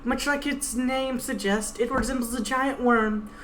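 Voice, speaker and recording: A fanatical female warrior guide, cold and formal, with a menacing edge, as a woman voices her. Her voice sits high and bright, lively in its rise and fall. It is read aloud with a faint hiss of noise behind. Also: unhurried. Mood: instructive.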